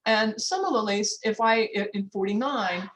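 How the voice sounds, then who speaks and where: Speaking at a moderate pace with a medium, slightly bright voice, an older woman lectures on linguistics as a professor at a workshop held over video call. She's from the US and keeps it informal and chatty, often restarting, digressing, and noting the time aloud. The recording is low quality.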